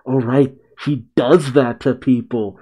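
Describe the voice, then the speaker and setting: A man reading a comic chapter aloud and reacting to it with sudden excited outbursts. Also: mid-range voice, takes it slowly. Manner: excited, blurts out reactions between narration. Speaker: manga reaction creator.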